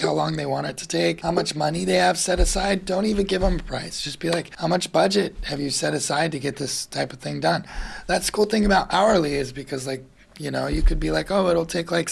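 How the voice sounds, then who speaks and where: Male host, raspy and gravelly, easygoing conversational tutorial delivery. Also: on the high side. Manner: casual, conversational, frequent "like" and "right?". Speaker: channel host giving freelancing advice. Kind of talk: casual instructional monologue.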